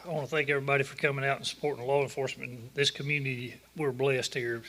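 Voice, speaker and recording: Bright-voiced, folksy Southern lawman. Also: mid-range voice, fairly even intonation, rapid-fire, slight background noise. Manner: folksy, joking, plain-spoken. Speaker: sheriff's office officer presenting an award. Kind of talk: award presentation speech. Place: luncheon event room.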